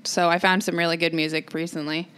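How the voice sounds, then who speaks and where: Wry young woman with a low voice. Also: level tone, fast talker, a crowd in the background. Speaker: podcast co-host. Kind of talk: casual chat.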